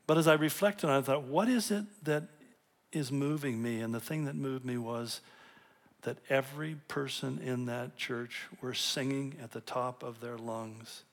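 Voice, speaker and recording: A man's voice: medium pitch, measured pace. Male pastor preaching, chatty storytelling sermon, little jokes, repeats words when he gets going. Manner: conversational storytelling with light humor; restarts and repeats words when building a point.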